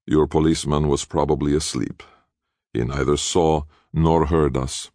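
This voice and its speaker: A man voicing a cynical, scheming Italian villain, smooth and mocking in an audiobook. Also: rumbling low, steady tone, normal speed, dark tone, no echo, clean studio sound. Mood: sneering.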